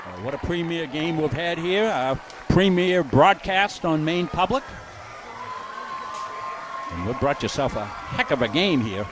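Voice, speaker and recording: A man doing color commentary on a live high school football game, explaining strategy in a folksy, coaching-minded way. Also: lively intonation, unhurried, crowd noise, noisy background.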